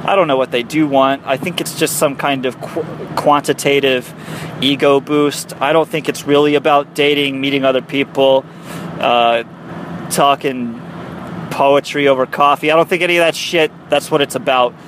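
A man's voice: mid-range voice, fairly even intonation, normal speed, fairly bright tone, slight background noise. A young man doing a rambling, profane comic monologue from his car, mocking himself as he goes. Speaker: comedian. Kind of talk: comic monologue recorded while driving. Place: in a car on a highway.

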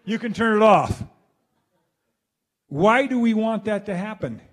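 A man delivering a rambling spoken monologue to listeners, animated and swearing freely, acting out exclamations as he goes. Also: high voice, unhurried. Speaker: speaker addressing his listeners.

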